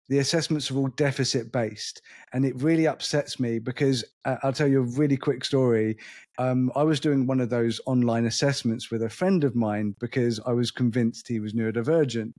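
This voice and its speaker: A man's voice: mid-range voice, a little mellow, dry recording, studio quality. A man hosting an interview, speaking eagerly and stumbling over repeated words as he restarts. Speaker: podcast host. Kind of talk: casual interview chat.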